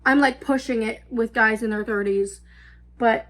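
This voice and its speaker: A woman's voice: a little high, fairly even intonation, normal speed, fairly bright tone. A woman in her twenties telling a storytime vlog, rambling and filler-heavy, swearing freely. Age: 20s. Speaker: vlogger. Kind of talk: casual storytime.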